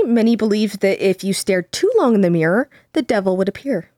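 A young woman co-hosting a casual podcast, calmly reading from articles and quotes with small fillers. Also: medium pitch, no room sound, studio quality. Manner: measured, reads quotes aloud with fillers. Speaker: podcast co-host.

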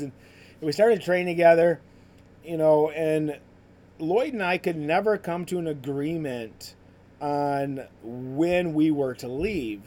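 Male podcast host, slightly higher voice, casual testimony storytelling. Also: darkish tone. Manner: conversational, full of "like" and "you know" fillers. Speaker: podcast host sharing his ministry story.

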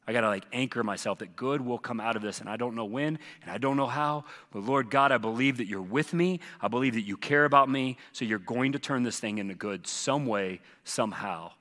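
A man's voice: medium pitch, fairly quick, hardly any pauses, sharp tone. A man pastor answering questions in church, earnest and repeating phrases for emphasis. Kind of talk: church Q&A teaching. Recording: long hall reverb.

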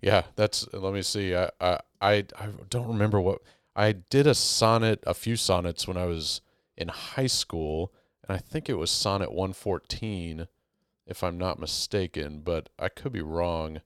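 Deep-voiced man taking a voice lesson. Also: a little slow, smooth. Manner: easygoing, laughs off his attempts. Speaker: voice student. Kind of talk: casual lesson talk.

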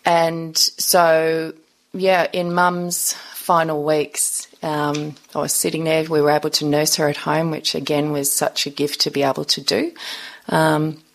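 A woman's voice: low voice, flat delivery, a little slow. A middle-aged woman, a podcast guest, telling a personal story in an earnest, reflective interview.

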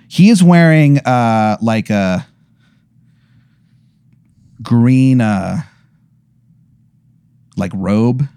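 A young podcast co-host spins a long, rambling, profane comedic hypothetical, packed with fillers. His voice is medium in pitch and slightly mellow, captured with clean studio sound and no echo.

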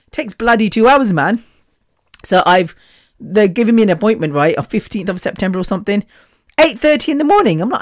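A woman's voice: mid-range voice, lively intonation, fairly quick, no room sound, clean studio sound. A woman hosting her own podcast, talking bluntly and defiantly in a chatty monologue, laughing often. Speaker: podcast host. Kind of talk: casual monologue.

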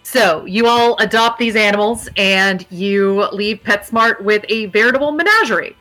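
A woman's voice: mid-range voice, normal speed, fairly bright tone, soft background music. A woman narrating a tabletop game as game master, casual and rambling. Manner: casual, rambling with fillers, laughs easily.

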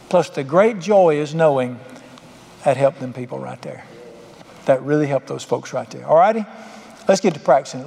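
A male preacher delivers a folksy sermon full of jokes and homespun turns of phrase. His voice sits high for a man. It rings with the long reverb of a church hall. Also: gravelly, darkish tone. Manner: folksy, joking storyteller with rural turns of phrase. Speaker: pastor.

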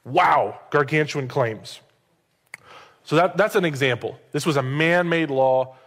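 A male pastor giving a sermon in a conversational, joking way, with quick asides to the congregation. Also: a little high, a bit bright. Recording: long hall reverb.

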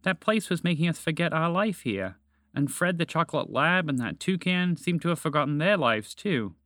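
A man's voice: fairly high pitch, expressive, normal speed, fairly bright tone, dry recording, clean studio sound, voice pushed up. A man voicing an earnest little male mouse who argues his point in a storybook reading. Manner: earnest, arguing.

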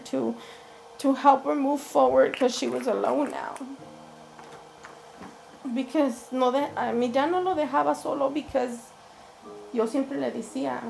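A woman with a heavily creaky, gravelly voice that sits a little high, speaking frankly as she tells her own story in an interview. She often slips into quoting what people said to her. Faint music plays behind her. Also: a little mellow, rough recording. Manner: candid, frank, often quotes people in conversation. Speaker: interview guest. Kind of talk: personal storytelling.

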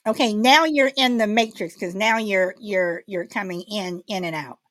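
A woman's voice: medium pitch, normal speed, fairly bright tone, dry recording, clean studio sound. A woman hosting a casual live audio chat, talking in a rambling way with lots of fillers and restarts. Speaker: host.

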